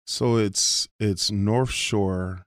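A man's voice: fairly low pitch, fairly even intonation, drawn-out words, no echo, studio quality. A man, a football coach, speaking earnestly and enthusiastically as a guest in a casual radio interview.

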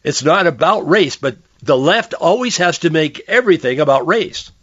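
A hoarse man, hosting a talk radio show and giving earnest commentary on politics and faith. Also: on the high side, animated, moderate pace, fairly bright tone, dry recording, dull audio. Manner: conversational, earnest, with frequent restarts. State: hoarse, losing his voice. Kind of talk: political and religious commentary monologue.

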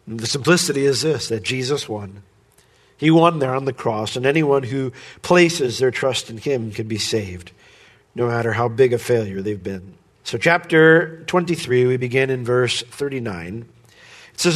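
A pastor preaching a sermon, who climbs high and loud when he voices other people's demands and drops low and soft at the ends of phrases. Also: lively intonation, moderate pace. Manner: rises sharply in pitch and volume when voicing the criminal's demands.

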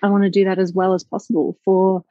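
A woman's voice: mid-range voice, little pitch movement, quick pace, warm tone, no echo. A woman, a business owner talking reflectively and with enthusiasm in a conversational interview, with many fillers. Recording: slightly dull lo-fi audio.

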